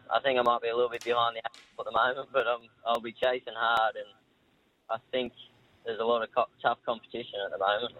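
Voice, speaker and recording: A young Australian man, a jockey, answering interview questions modestly with many hesitations. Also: fairly low pitch. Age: young adult. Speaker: jockey guest. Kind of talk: phone interview. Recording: tinny phone line.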